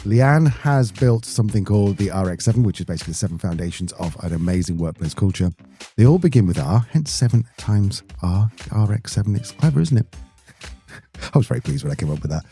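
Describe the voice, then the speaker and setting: Mellow-voiced man, chatty host. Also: lowish voice, lively intonation, a little fast, soft background music. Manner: chatty, jokey, self-interrupting. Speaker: podcast co-host. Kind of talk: casual podcast chat.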